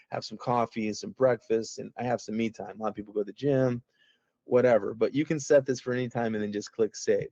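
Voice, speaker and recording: This is a muffled, echo-free recording of an app founder casually showing off his app by screen-share on a video call. His lowish, slightly mellow voice rambles folksily and keeps interrupting itself.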